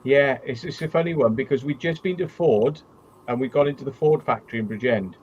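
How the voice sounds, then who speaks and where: A man's voice: medium pitch, a little fast, a little mellow, dull audio, a little hiss or hum. A man hosting a casual live-stream chat. He tells stories bluntly and swears a lot. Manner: blunt storyteller with heavy swearing. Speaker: channel host.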